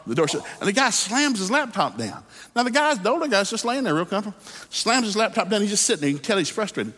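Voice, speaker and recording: Male preacher, sermon, quick folksy delivery, fairly high voice, long hall reverb. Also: very animated, sharp tone. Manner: folksy storytelling, rising to fervent preaching. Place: church hall.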